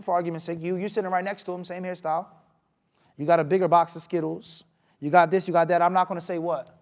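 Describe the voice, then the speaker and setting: A man giving a mosque lecture, animated, often putting questions to the audience. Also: fairly high pitch. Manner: animated, asks the audience questions, acts out scolding. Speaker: imam giving a talk.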